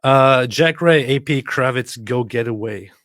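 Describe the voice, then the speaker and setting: A man's voice: medium pitch, a little slow, fairly bright tone, no room sound, clean studio sound. A man co-hosting a casual livestream, reading viewer comments aloud and joking with frequent laughs. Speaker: livestream co-host.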